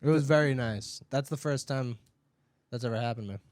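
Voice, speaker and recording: A man's voice: medium pitch, fairly quick, no room sound. A man from Boston, a comedian and podcast co-host, telling casual stories from his café job and acting out the customers. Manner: animated storyteller acting out customers' voices. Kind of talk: casual chat, storytelling.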